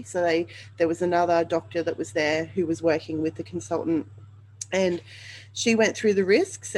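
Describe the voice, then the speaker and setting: A woman's voice: fairly low pitch, a little hiss or hum, poor audio. A woman hosting a podcast, telling a personal story in a candid, rambling way with many fillers. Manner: candid, rambling, with many ums and you-knows. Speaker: podcast host.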